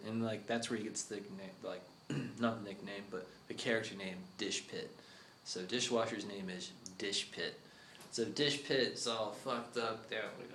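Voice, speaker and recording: A man casually pitching a story idea in a studio, rambling, cursing and laughing often. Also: steady tone, unhurried, bright, forceful tone, echoey room, slight background noise.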